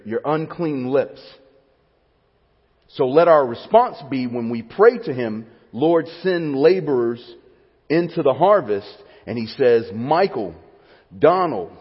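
A man preaching a sermon in a church, moving between quiet teaching and fervent, emotional pleas. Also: medium pitch, husky. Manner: builds to fervent, rising pleas, then drops to quiet teaching. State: near tears. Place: church sanctuary. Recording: dull sound with long hall reverb.

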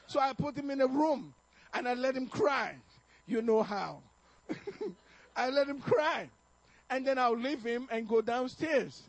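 A middle-aged man preaching a sermon, telling family stories in an animated way, chuckling and stammering now and then. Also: extremely high pitch, a little slow, poor audio. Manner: animated storytelling, chuckling, acting out quotes with stammers. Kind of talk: sermon on parenting told as a personal story.

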